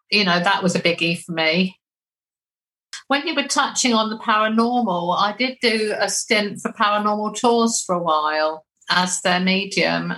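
A woman's voice: on the low side, pushed and bright, rough recording. A middle-aged woman, a medium, telling anecdotes in a chatty way during an interview. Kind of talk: interview storytelling.

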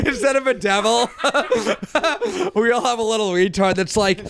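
A man's voice: very high-pitched, lively intonation, measured pace, gravelly, a bit bright, slight background noise. A man co-hosting a comedy podcast, chatting casually, laughing often and trailing off with fillers. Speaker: podcast co-host.

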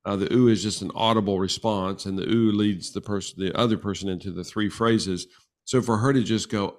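Animated low-voiced man in his sixties. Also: a little fast. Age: 60s. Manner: animated storyteller, acts out quoted exchanges. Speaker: guest, relationship coach. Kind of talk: casual podcast conversation.

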